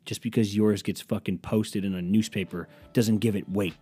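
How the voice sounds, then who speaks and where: A man from Massachusetts hosting a solo podcast from his basement, rambling crudely with lots of swearing and sudden loud put-on voices. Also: on the low side, fairly even intonation, normal speed. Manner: crude, profane, jumps into loud impressions. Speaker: podcast host. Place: home basement.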